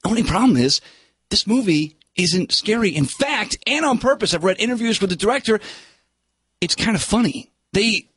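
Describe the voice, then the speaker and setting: A male film critic talks through a movie with animated, swooping pitch and a slightly husky edge. He is blunt and sarcastic. The sound is dry and close. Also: normal speed, no room sound. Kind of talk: casual radio chat.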